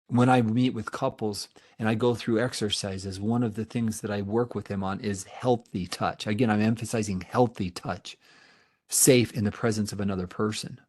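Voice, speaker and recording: Presenting a webinar in an earnest tone, a middle-aged man who works as a therapist fields audience questions and drives points home through emphatic repetition. His voice is on the low side.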